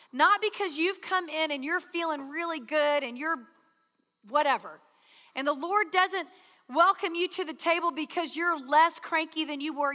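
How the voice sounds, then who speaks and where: A woman's voice: high-pitched, pushed and bright. A woman giving an earnest sermon at a retreat, acting out prayer dialogues with God. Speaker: retreat speaker. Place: large hall. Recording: hall reverb.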